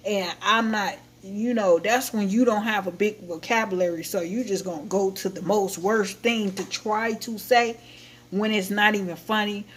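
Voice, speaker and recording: A woman's voice: mid-range voice, normal speed, breathy edge. Woman streamer, rambling casual chat. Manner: rambling, animated storytelling. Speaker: livestream host.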